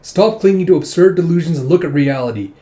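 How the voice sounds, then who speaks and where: A man's voice: fairly high pitch, animated, fast talker, mellow, voice pushed up, natural voice. A man voicing a stern grown prince who lectures his brother bluntly while recapping a comic.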